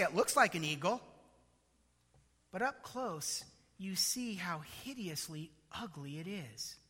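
A man preaching a sermon, dramatic and animated, with mocking asides. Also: sits high, long reverb tail.

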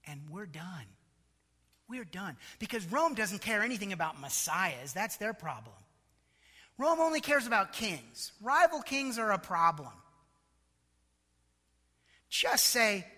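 A man preaching a sermon, dramatic and animated, with mocking asides. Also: high voice, measured pace, long reverb tail.

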